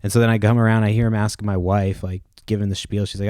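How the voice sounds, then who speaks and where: A man's voice: lowish voice, steady tone, quick pace, darkish tone, no echo. Male podcaster, casual rambling, swears a lot, dry close mic. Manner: casual, profane, rambling with many fillers. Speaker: podcast host. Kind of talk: rambling solo podcast talk.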